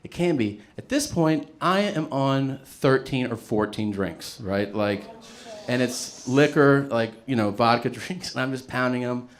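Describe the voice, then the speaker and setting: A man's voice: mid-range voice, lively intonation, a little slow. A man telling a story in a stand-up comedy set, casual and profane, often laughing as he talks.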